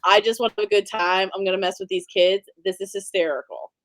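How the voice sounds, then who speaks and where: A young adult woman co-hosting a casual recap chat, animated, laughing often and peppering her speech with "like". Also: mid-range voice, quick pace, no echo. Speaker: podcast co-host.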